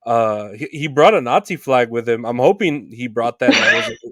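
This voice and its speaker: A man hosting a podcast, talking in a halting, soft-spoken way that trails off. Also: mid-range voice, animated, dry recording, clean studio sound. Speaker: podcast host. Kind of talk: casual conversation.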